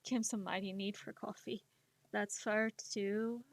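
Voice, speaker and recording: A woman's voice: mid-range voice, fairly even intonation, measured pace, no room sound. A young woman with a Spanish accent, chatting casually on a stream while she draws, rambling and poking fun at herself. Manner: rambling, self-deprecating, laughs often.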